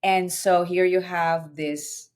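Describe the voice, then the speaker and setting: Earnest low-voiced woman telling her story. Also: takes it slowly, smooth. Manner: earnest, animated, filler-heavy with many "you know"s. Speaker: podcast guest. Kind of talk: personal storytelling in conversation.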